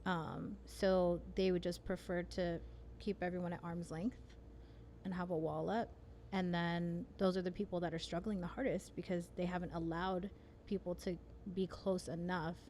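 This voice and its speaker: A woman's voice: on the low side, flat delivery, normal speed, warm tone, a little hiss or hum. A woman hosting a casual podcast conversation, telling personal stories in a frank, candid way. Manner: candid, frank storyteller with mild swearing. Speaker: podcast host.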